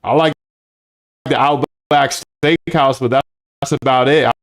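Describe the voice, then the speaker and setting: A man's voice: mid-range voice, steady tone, measured pace, dry recording. A man streaming while he codes, talking to himself and his chat in a slangy, casual way and calling everyone dude. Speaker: streamer coding a trading bot. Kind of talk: casual live-stream self-talk.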